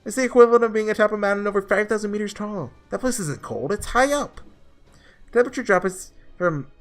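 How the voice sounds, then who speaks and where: Reader doing nervous game doc reading numbers off comms, trips on big words, lively. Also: medium pitch, natural voice. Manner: reads out technical terms, stumbling. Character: anxious male doctor giving readings over comms.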